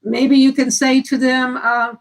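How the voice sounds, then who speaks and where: A woman's voice: high-pitched, little pitch movement, unhurried, rough recording. A woman hosting a live stream and giving advice on dementia care in a folksy, earnest, down-to-earth way. She often repeats and restarts phrases as she thinks aloud.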